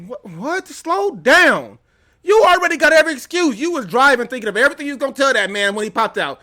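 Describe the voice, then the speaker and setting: A man hosting a reaction video, teasing and laughing loudly as he comments. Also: very high voice, expressive, brisk. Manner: loud, sassy, laughing, teasing.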